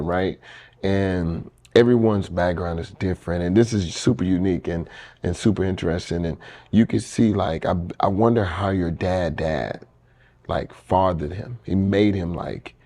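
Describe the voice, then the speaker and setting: A man hosting a casual interview podcast, asking questions in a halting way with many restarts. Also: low voice, mellow. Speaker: podcast host.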